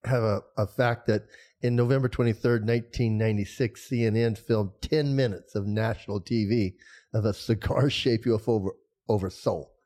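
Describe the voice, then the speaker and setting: A man's voice: lowish voice, fairly even intonation, moderate pace, a little mellow. A man in a casual discussion, talking earnestly and thinking aloud with fillers.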